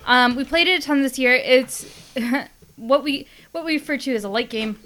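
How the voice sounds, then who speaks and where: High bright woman, giggly. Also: moderate pace, a little hiss or hum. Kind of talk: casual chat.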